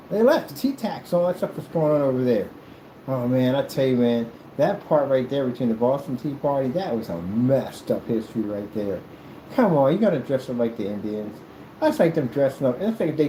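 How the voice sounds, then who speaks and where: A man from the United States ranting in a loose, theatrical monologue. His pitch swings widely as he gets worked up, and his voice stays mellow and dark throughout. He keeps breaking into mock old-fashioned formal speech. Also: a little hiss or hum, poor audio. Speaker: video creator.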